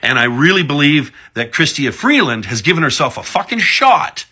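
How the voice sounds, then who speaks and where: Here a man from Alberta, Canada, works as a political commentator, delivering a sarcastic, expletive-heavy rant about politics with large swings in pitch. He sounds sing-song and bright, with a forceful tone and a breathy edge, speaking at a moderate pace.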